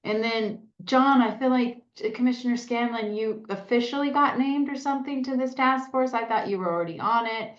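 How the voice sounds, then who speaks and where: A woman's voice: a little high, brisk, hardly any pauses. A woman chairing a county task force meeting, opening it in a chatty, upbeat, self-deprecating way. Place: meeting room. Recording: echoey lo-fi meeting audio.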